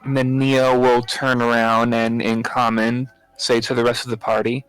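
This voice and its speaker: A man's voice: medium pitch, flat delivery, normal speed, few pauses, a bit bright, clean tone, no echo, low-quality recording. A man playing a tabletop game, speaking in character in a courteous, flowery way. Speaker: player.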